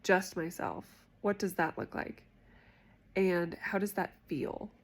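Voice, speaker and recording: A woman's voice: fairly low pitch, slow pace. A woman hosting a self-help talk, speaking candidly and conversationally about her own experience. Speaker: host.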